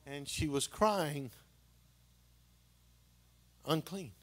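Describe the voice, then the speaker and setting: An older man preaching a live sermon in a church, swinging from hushed, emotional storytelling to impassioned shouting. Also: a little high, animated, unhurried. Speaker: pastor. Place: church sanctuary with congregation.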